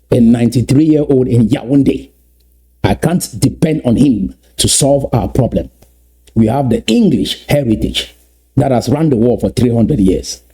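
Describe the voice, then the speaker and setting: A man's voice: medium pitch, mellow, husky. A man giving an impassioned address to his community, emphatic and repetitive, with many rhetorical questions. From Southern Cameroons. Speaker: political speaker.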